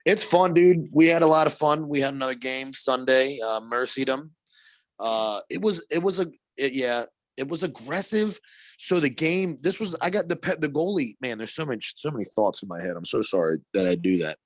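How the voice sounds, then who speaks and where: Brief: male podcast co-host, animated storyteller, salty and laughing, dry close mic. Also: medium pitch, normal speed, dry recording. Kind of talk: casual chat.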